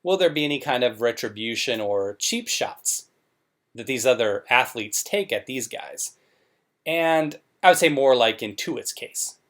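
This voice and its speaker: A man in his own sarcastic commentary voice, mid-pitched and scornful, mocking whoever he talks about. He speaks casually, with rhetorical questions thrown out to his viewers. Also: expressive, a little slow, a bit bright. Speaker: commentary show host.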